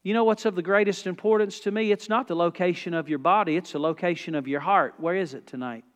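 A man's voice: high voice, fast talker. A man preaching a sermon in a church, folksy and emphatic. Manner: folksy, emphatic, rising to loud exhortation. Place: church sanctuary. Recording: long church reverb.

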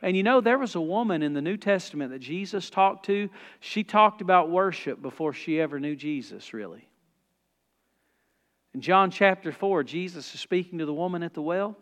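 In a church sanctuary, a man preaches a folksy, emphatic sermon that rises to loud exhortation. His voice is high-pitched and animated at a moderate pace, and long church reverb fills the recording.

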